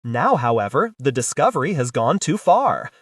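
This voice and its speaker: A man's voice: mid-range voice, very animated, moderate pace, fairly bright tone, slightly rough, no room sound, clean studio sound, recorded from a distance. A man voicing a blunt, businesslike male boss of a space service in an audiobook. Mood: briefing.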